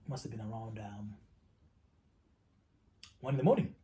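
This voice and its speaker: A man's voice: fairly low pitch, lively intonation, normal speed, warm tone, slight background noise. A man telling a story from his own life in a casual, candid way. He swears freely and often repeats himself. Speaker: vlogger.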